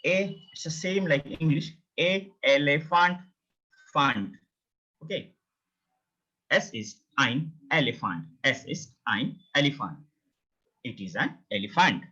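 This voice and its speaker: A man's voice: medium pitch, expressive, a little slow, pushed and bright, breathy edge. A man teaching a beginner language lesson, repeating each word several times. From India. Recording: dull, lo-fi sound.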